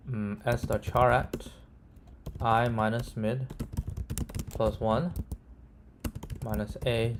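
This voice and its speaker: A man thinking aloud as he codes, halting and correcting himself, often checking in with "right?" and "okay?". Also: on the low side, a little hiss or hum. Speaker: coding tutor. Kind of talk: thinking aloud while live coding.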